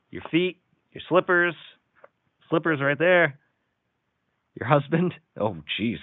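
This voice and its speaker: A man with a medium-pitched voice hosts a laid-back live stream, reading silly jokes and viewer comments aloud and chuckling often. The recording is dry but tinny, like it came through a phone.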